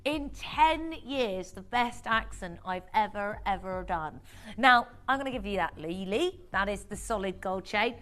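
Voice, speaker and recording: A woman's voice: mid-range voice, expressive, unhurried, fairly bright tone. A woman presenting a live TV shopping sale, bubbly and chatty, often repeating her phrases. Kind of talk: live TV sales pitch.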